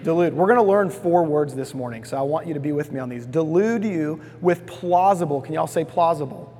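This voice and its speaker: A man's voice: fairly high pitch, a little fast, a little mellow, big-room sound, a little hiss or hum. A man preaching a sermon, telling stories in a folksy way and asking the congregation to repeat words after him. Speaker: pastor.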